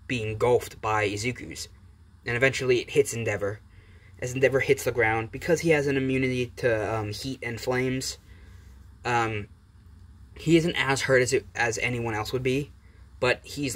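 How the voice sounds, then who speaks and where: A man's voice: medium pitch, a bit bright. A man narrating an improvised fan-fiction story in a rambling, casual way. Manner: rambling, with fillers and restarts.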